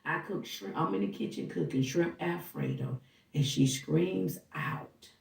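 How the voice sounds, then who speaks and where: A woman with a gravelly, fry-edged voice recounts what she saw in an animated, casual way, slipping into the voices of the people in her story. She sits away from the microphone in an echoey room. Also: sits low, a little slow. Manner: animated, acts out dialogue while recounting. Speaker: housekeeper. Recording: roomy, distant from the mic.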